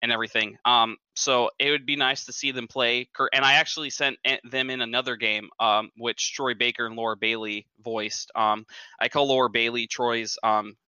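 Bright, crisp-voiced man on a podcast. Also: medium pitch, steady tone, normal speed, no echo. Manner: restarts, repeats words. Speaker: podcast guest. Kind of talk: casual chat. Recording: dry, slightly dull lo-fi sound.

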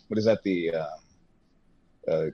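A man's voice: low voice, very animated, takes it slowly, vocal fry, mellow, husky, lo-fi sound. A man guest on a casual podcast, telling his story with enthusiasm, fillers and dry sarcasm. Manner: rambling, enthusiastic, with fillers and self-mocking sarcasm.

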